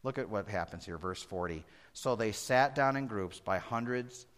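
A man preaching a verse-by-verse sermon as pastor, animated and conversational, swinging between loud emphasis and hushed asides. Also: on the low side, moderate pace. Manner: acts out Bible characters conversationally. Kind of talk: expository sermon.

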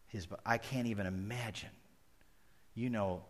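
A man with a low voice preaches a sermon. He mixes folksy jokes with earnest scripture reading. His delivery swells to loud, emphatic peaks and then sinks to hushed, almost whispered lines. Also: a little slow, a little hiss or hum. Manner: folksy asides and humor. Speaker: pastor.

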